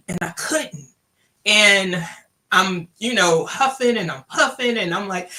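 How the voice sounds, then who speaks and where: A woman's voice: mid-range voice, unhurried, bright, forceful tone. A woman from Louisiana, candidly telling her personal story and acting out the dialogue she quotes. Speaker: guest sharing her story.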